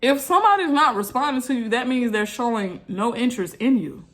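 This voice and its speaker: A woman's voice: on the high side, animated, brisk, a bit bright. Exasperated woman ranting to viewers. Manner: blunt, exasperated, repetitive. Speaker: vlogger. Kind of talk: venting rant to viewers.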